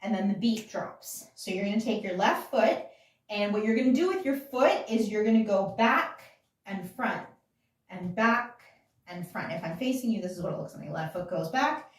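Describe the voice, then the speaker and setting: Woman, dance teacher, counting beats, giggly, mid-pitched voice, distant from mic. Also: expressive, normal speed. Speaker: dance instructor. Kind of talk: casual dance class instruction. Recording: echoey room, voice from off-mic.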